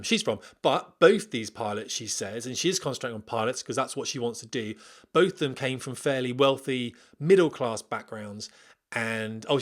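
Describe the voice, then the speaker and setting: A middle-aged British man, a former military pilot, hosts a podcast from home. In a slightly bright mid-range voice, he chats casually and reads out a listener's email, wandering off into rambling digressions.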